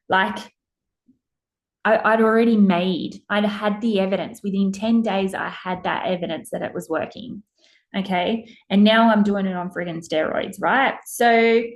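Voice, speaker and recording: A woman hosting a podcast in a casual, emphatic monologue, blunt and swearing freely. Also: mid-range voice. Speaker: podcast host.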